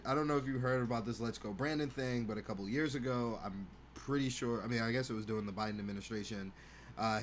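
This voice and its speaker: A man hosting a podcast, riffing in a loose, rambling comedic monologue, with faint hum behind. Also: mid-range voice. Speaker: podcast host.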